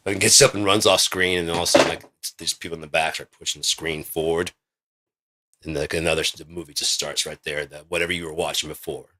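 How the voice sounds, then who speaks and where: A man vlogging in a casual, rambling monologue, swearing often and getting excited as he pitches his ideas. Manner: rambling, profane, excitable storytelling.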